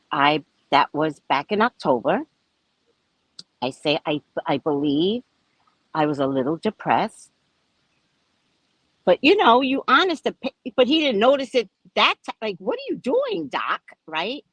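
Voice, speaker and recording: A woman vlogger tells her story in a casual, frank way, a little profane at times. Her pitch moves a lot as she talks, rising and dropping. The sound is close and dry, with no room echo. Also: unhurried, pauses often. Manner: chatty, animated, frank and a bit profane. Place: at a resort.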